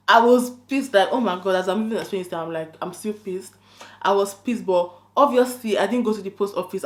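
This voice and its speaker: A woman tells a story to camera in a casual, animated way. She keeps acting out her own lines and the other person's. Her voice sits at a middle pitch and rings in an echoey room. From London. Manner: animated, quotes both sides of a chat, frequent "I'm like". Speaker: YouTuber telling a story.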